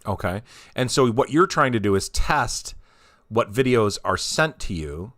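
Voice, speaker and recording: A man's voice: lowish voice, lively intonation, a little slow, fairly bright tone, no room sound. A man co-hosting a casual podcast chat, asking dry, teasing questions. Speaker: podcast co-host.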